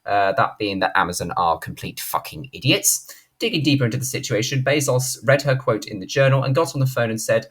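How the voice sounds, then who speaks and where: A man's voice: mid-range voice, expressive, brisk, a bit bright, slightly rough. A man hosting a commentary channel, giving a blunt, indignant opinion monologue and swearing freely. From Britain. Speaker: channel host, film commentator.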